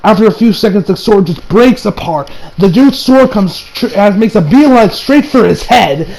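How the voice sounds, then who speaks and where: Animated high-voiced man reviewing anime. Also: normal speed, creaky, poor audio. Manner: animated, laughing and swearing, loud exasperated outbursts. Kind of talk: casual episode recap and review.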